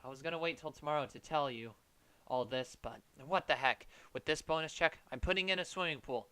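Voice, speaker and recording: A man's voice: fairly high pitch, a little fast, bright, forceful tone, smooth, no room sound. A man doing an earnest, rambling suburban dad. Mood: confessional. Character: hapless, cheerful suburban dad. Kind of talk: comedic parody dub.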